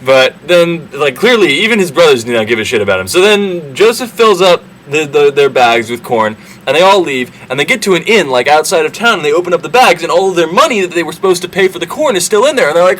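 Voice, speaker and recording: A man's voice: on the high side, sing-song, quick pace, few pauses, a bit bright, a little hiss or hum, low-quality recording. A young man casually retelling an old story for laughs, irreverent and full of fillers. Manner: irreverent, swearing, lots of fillers. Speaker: comedic storyteller.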